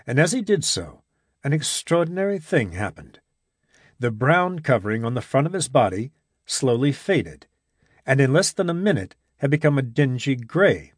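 A man narrating a story in a measured, even reading voice. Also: mid-range voice, breathy edge, no room sound, clean studio sound. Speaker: audiobook narrator. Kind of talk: scripted narration.

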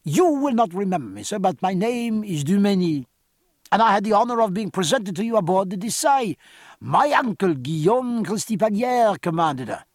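A man's voice: sits high, very animated, normal speed, dry recording, pitched above the performer's own voice. A man voicing a polite, formal young French naval lieutenant in an audiobook. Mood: courteous. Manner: polite, formal, slightly embarrassed.

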